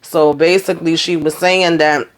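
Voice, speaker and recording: Male TV reviewer, slightly high voice, rambling animated storyteller, casual recap. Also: moderate pace, smooth. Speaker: TV show reviewer.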